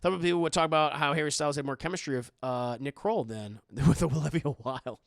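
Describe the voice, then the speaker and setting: Young guy streamer rambling thru chat, kinda high voice, gravelly, dry close sound. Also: fairly quick, no echo. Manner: rambling, reacts to chat, many restarts. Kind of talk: casual live-stream chat.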